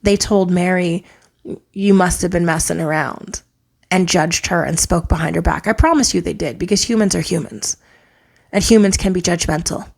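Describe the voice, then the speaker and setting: A woman giving an earnest spiritual tarot reading, a parent who often drops into soft whispers for emphasis. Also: fairly low pitch, moderate pace, gravelly. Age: adult, parent of a child. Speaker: tarot reader. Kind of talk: spiritual pick-a-card reading.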